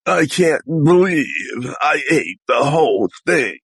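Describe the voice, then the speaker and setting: Man, voice impression practice, slow delivery, wildly swinging pitch, dry close sound. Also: sing-song, vocal fry, husky, dry recording. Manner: jumps between exaggerated silly voices.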